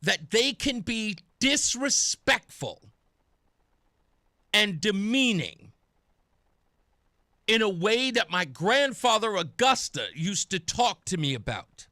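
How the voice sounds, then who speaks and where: A young male talk radio host with a high, bright voice that swings widely as he rants. He speaks in an emphatic, sarcastic monologue, close to a dry studio microphone. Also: big pitch swings, slow pace, long pauses, no room sound. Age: young adult.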